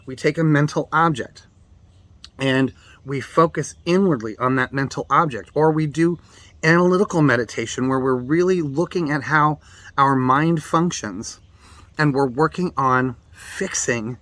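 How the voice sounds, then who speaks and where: A man's voice: mid-range voice, a bit bright, no echo. A middle-aged man giving a blunt, emphatic talk on meditation as a Buddhist teacher. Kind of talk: direct-to-camera daily reflection talk.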